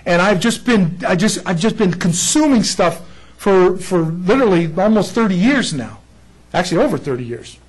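A middle-aged male Bible teacher with a notably high voice delivers an excitable sermon. He keeps checking that his listeners follow along. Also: poor audio.

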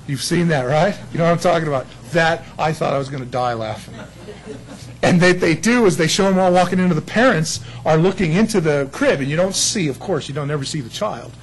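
A man's voice: a little high, brisk, slight background noise, rough recording. A man preaching a sermon, telling stories with laughter and acted-out quotes. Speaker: pastor.

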